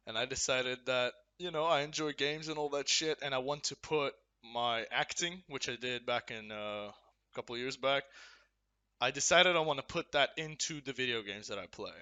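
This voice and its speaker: A man's voice: mid-range voice, bright, forceful tone, clean tone. A young man from Ukraine, talking candidly and profanely to camera in a casual confessional vlog at home. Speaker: gamer.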